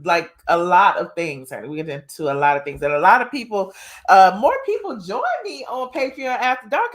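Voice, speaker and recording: Chatty Southern woman livestream host. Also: mid-range voice. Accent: Georgia Southern US. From Georgia, US. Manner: chatty, slangy, reads viewer comments aloud with laughter. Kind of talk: casual livestream chat.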